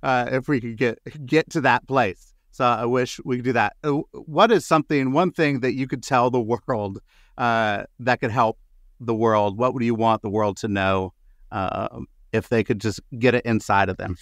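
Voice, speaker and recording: A man's voice: medium pitch, moderate pace, no echo, studio quality. A man hosting a podcast interview, asking questions in a hesitant way with many fillers. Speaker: podcast host.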